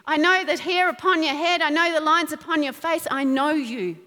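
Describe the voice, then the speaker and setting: A woman preaching a sermon with a high, bright voice that rings with a long echo. She preaches in a lively, playful way and breaks into laughter between points. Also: normal speed. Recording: long hall reverb.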